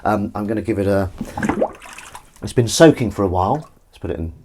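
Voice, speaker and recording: A man's voice: fairly low pitch, a little fast, background noise. A man hosting a comedy livestream from his kitchen sink, chatting and reading out viewer comments in a rambling, self-mocking way while washing up. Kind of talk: casual chatty livestream banter. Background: clinking dishes and running water.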